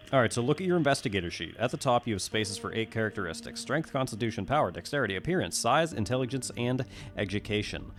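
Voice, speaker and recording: A man streaming, who reads a solo tabletop adventure aloud and breaks off for relaxed, chatty asides with the odd curse word, on a condenser mic. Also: medium pitch, fast talker, faint music behind. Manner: relaxed, chatty, drops curse words between read passages.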